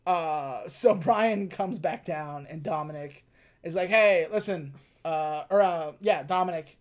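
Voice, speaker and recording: A man co-hosting a podcast, casually recapping a film, often laughing and acting out lines in quick voices. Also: a little high, a little mellow. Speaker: podcast co-host. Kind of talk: casual movie recap chat.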